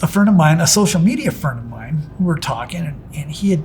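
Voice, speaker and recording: A man's voice: on the high side, lively intonation, fairly quick, noisy background. A middle-aged man who works as a pinstriping artist tells stories about his work in a casual interview, rambling and restarting with plenty of "it's like" asides.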